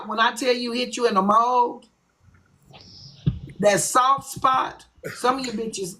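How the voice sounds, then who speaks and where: A woman's voice: mid-range voice, bright, forceful tone, low-quality recording. A woman hosting her own livestream, ranting bluntly and with lots of profanity. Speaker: livestream host. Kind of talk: ranting live stream.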